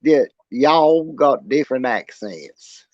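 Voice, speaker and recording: A man's voice: medium pitch, animated, slow pace, a little mellow, no room sound. An Australian man hosting a casual livestream chat, slangy and conspiratorial in how he talks. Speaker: stream host. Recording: dull lo-fi audio.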